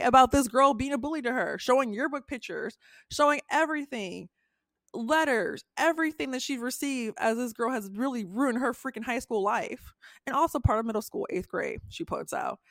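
A woman's voice: fairly high pitch, no echo, clean studio sound. A young adult woman, a podcast co-host, retelling a story in casual chat, acting out quotes in a raised voice and swearing freely.

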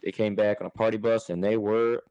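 A man's voice: lowish voice, steady tone, a little fast, darkish tone, clear, resonant tone, dry recording, highs cut off. A man co-hosting a casual sports podcast, laid-back and blunt.

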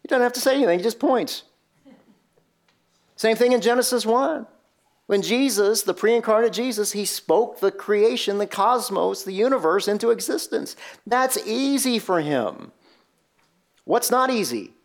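A man's voice: high-pitched, animated, normal speed. A man preaching an expository sermon in a conversational, emphatic way, often asking rhetorical questions. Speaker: pastor.

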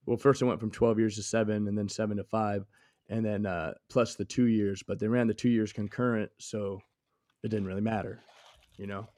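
A man's voice: lowish voice, fairly even intonation, normal speed, a little mellow, no room sound, studio quality. A man chatting casually, laid-back and rambling, often trailing into filler words. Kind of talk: casual conversation.

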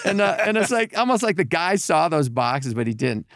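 A man telling animated stories in a casual chat, acting out other people's voices with lots of restarts. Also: fairly high pitch, a little fast, dry recording, clean studio sound. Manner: animated storyteller, acts out voices, many restarts. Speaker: podcast guest telling stories.

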